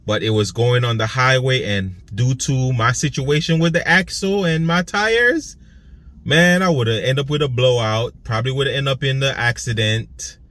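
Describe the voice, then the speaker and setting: A man's voice: medium pitch, normal speed, a bit bright. Man, Antiguan accent, young adult, casual vlog talk, rambling, repeats himself. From US Virgin Islands, Saint Croix. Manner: rambling, repeats himself, laughs between thoughts. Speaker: vlogger, food delivery driver. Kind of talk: casual self-filmed vlog.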